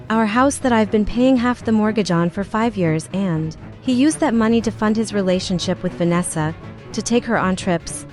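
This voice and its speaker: A woman with a voice of ordinary, middle pitch recounts a painful personal story. She tells it in an emotional, confessional way and acts out the dialogue as she goes. Soft music plays quietly beneath her voice. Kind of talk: first-person dramatic story narration.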